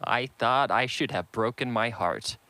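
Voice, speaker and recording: A man's voice: medium pitch, a little slow, sharp tone, dry recording. A man reading the part of a dramatic, self-pitying middle-aged mother in an audiobook.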